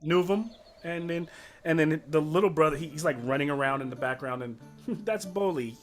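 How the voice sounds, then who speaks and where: A man's voice: on the high side, moderate pace, soft background music. Rambling man running a tabletop game. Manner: rambling, full of fillers. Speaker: game master.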